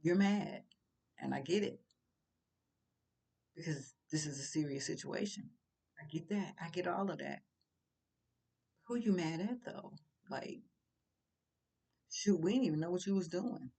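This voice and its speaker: A woman's voice: fairly low pitch, lively intonation, a little slow, vocal fry, long pauses, warm tone, husky. An older woman giving casual, preachy commentary, blunt and full of rhetorical questions. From St. Louis.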